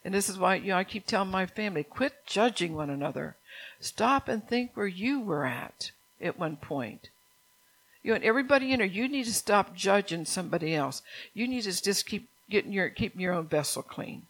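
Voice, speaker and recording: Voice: mid-range voice, expressive, fairly quick, fairly bright tone, low-quality recording. Emphatic preacher calling to the congregation. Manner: emphatic, repeats key lines for stress; calls out to the congregation for response. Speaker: pastor. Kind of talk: sermon.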